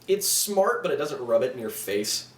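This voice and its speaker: Young man, film review co-host, lively rambling chat, echoey room. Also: mid-range voice, moderate pace. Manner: animated, rambling, many restarts and "like" fillers. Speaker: podcast co-host. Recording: roomy, distant mic with faint ambience.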